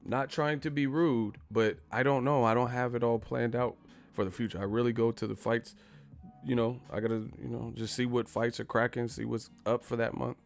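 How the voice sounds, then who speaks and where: A man's voice: medium pitch, fairly even intonation, moderate pace, gravelly, soft background music. Laid-back, profane male streamer. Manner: laid-back, profane, reads viewer messages. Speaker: boxing live-stream host. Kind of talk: casual live-stream chat.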